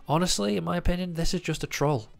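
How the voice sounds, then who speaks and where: A man's voice: on the high side, fast talker, creaky, soft background music. A man with a cold and a nasal voice, hosting a casual card-collecting news video and talking in a chatty way with many fillers. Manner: chatty, lots of ums and uhs. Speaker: trading card news host. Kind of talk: casual commentary to camera.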